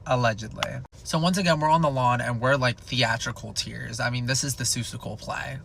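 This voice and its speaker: A man's voice: medium pitch, brisk, a little hiss or hum. A young man telling a comedic storytime in a casual, rambling, profane way, packed with "like". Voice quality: gravelly fry. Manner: rambling, profane, animated, filled with "like".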